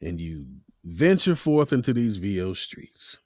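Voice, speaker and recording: A man's voice: lowish voice, unhurried, no echo. A man hosting a casual interview, talking shop about voice-over sessions and acting out quoted dialogue as he tells stories. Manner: animated, acts out quoted studio dialogue in different voices.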